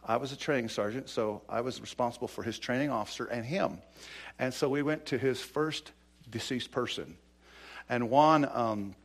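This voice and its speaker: A middle-aged man preaching a sermon in a conversational way, with many fillers and restarts as he tells stories. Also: medium pitch. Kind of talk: sermon with personal storytelling.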